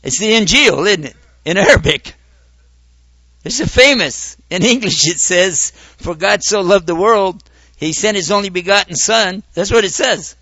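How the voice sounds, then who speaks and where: A man lectures a gathered audience in an animated way, firing off rhetorical questions. His voice sits high and sounds bright. The recording is dry with no room echo. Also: moderate pace. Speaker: Islamic lecturer. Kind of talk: public talk to an audience.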